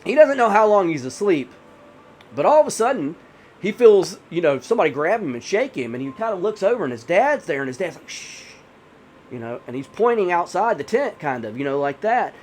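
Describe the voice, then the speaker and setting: Man, high voice, lively swooping delivery, casual horror storytelling, rambling with fillers, faint background noise. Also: fairly quick. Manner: rambling, many 'you know' fillers.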